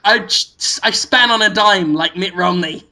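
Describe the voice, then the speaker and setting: A man's voice: sits high, a little slow, pushed and bright. A man co-hosting a podcast, telling silly playful stories with lots of laughter. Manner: playful, silly, giggly storyteller. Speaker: podcast co-host. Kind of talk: casual chat.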